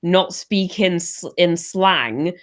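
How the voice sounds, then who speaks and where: A woman's voice: fairly low pitch, slow. Blunt young English woman. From England. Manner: blunt, swearing, laughing. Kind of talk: casual podcast chat.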